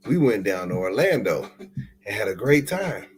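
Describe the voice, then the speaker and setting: A man's voice: fairly low pitch, big pitch swings, moderate pace. A man hosting his own podcast, telling stories in a loose, playful, slangy way. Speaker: podcast host. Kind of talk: casual solo podcast monologue.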